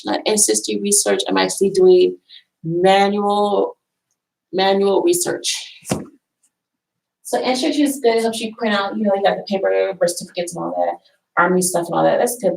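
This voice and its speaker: A woman's voice: medium pitch, gravelly, darkish tone, poor audio. A woman vlogging casually from a college library, rambling and repeating herself as she shows off books. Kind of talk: casual talk showing books.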